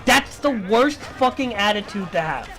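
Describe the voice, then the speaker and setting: Lively high-voiced man lecturing. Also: normal speed. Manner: lecturing, repetitive, profane. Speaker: livestreamer. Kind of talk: casual stream rant.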